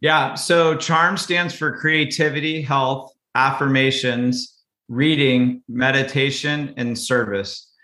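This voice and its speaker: A man speaking as a podcast guest, with a bright, forward tone. He talks in an easygoing way and often repeats words mid-thought. His voice rings around a noticeably echoey room. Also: mid-range voice, fairly even intonation, slow pace. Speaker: podcast guest, parenting author. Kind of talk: casual interview talk.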